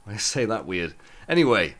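Groggy man with a lively low voice. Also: normal speed. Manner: chatty, loose asides and self-corrections. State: groggy, with a rough morning voice. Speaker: gaming YouTuber. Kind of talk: let's play commentary.

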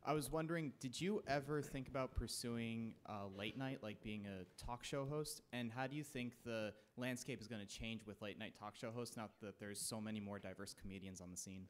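A man's voice: medium pitch, fairly quick, hardly any pauses. A young man, a graduate student, politely asking a question from the audience at a talk. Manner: polite, slightly hesitant question.

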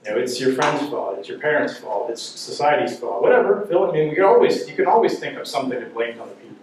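Animated and quick-paced, a middle-aged man with a mid-range voice keeps his church parenting class laughing with stories and questions for the group. His voice sounds far away in a very echoey room, with a faint hiss or hum.

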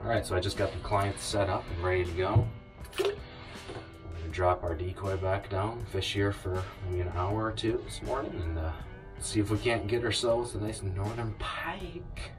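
A man's voice: lowish voice, moderate pace, recorded from a distance, music in the background, poor audio. A man vlogging while ice fishing from a shack, chatting to viewers and cheering on the fish. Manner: excitable, talks to the fish and the viewers. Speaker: fishing vlogger and rental guide. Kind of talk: casual talk to camera while ice fishing.

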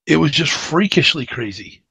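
A man co-hosting a radio show, telling stories in a casual, animated, rambling way. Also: on the high side, normal speed, creaky, husky.

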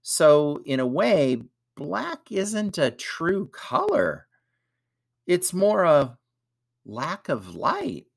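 A man's voice: a little high, huge pitch swings, extremely slow, vocal fry, dry recording, studio quality, voice pushed up, full character voice. A man voicing a clever young girl who confidently answers questions. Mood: bright. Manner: bright, confident.

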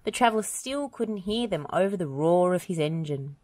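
A woman reading a children's picture book aloud in a gentle, expressive storytelling manner. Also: fairly low pitch, normal speed, no echo. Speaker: storybook reader. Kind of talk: children's read-aloud narration.

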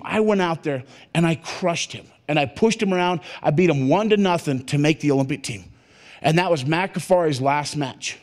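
Man, motivational speaker, lively storytelling, acted-out dialogue, a bit higher-pitched voice, conference-hall keynote. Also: moderate pace. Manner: animated storytelling, acting out dialogue in jumps of pitch.

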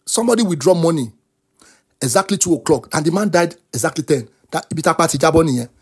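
A man with a Nigerian accent hosts a talk show and gives animated commentary. He is impassioned, mixes English and Yoruba, and keeps breaking into shouts. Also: a little high, fast, breathy edge. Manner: impassioned, switches between English and Yoruba, often bursts into shouts.

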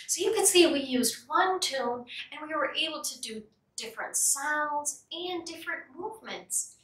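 A woman leading a music and movement program for toddlers, singing simple songs and talking in a slow, sing-song, cheerful way. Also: high-pitched, animated, fairly bright tone, far from the mic. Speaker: children's music program leader. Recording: echoey room, voice a bit off-mic.

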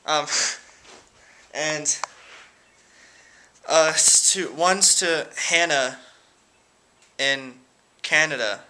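Teen male, bright slightly high voice, rambling giggly delivery, casual home vlog. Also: drawn-out words, pauses often. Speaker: vlogger. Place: room at home.

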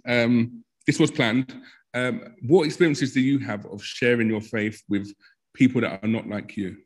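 A man from leads an informal training session. He talks in a chatty way, full of self-deprecating asides. His voice sits on the low side. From South London. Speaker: evangelism trainer.

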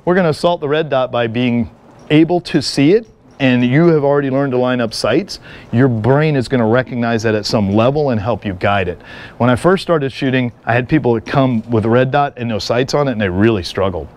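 A middle-aged man lectures at a live seminar with an energetic, joking manner. His speaking voice sits at an ordinary mid pitch, and he keeps the room engaged with stories. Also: a little fast. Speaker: firearms and martial arts instructor.

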